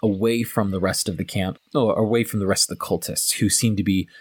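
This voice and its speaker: A man's voice: on the low side, fairly even intonation, brisk, husky, dry recording. A man narrating as game master in a tabletop game, loose and casual with many fillers.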